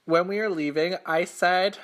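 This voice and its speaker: A young man hosting a mukbang eating show tells a casual story between bites, rambling with lots of filler and sounding self-conscious and embarrassed. His voice is high and a bit bright, with fairly even intonation at normal speed.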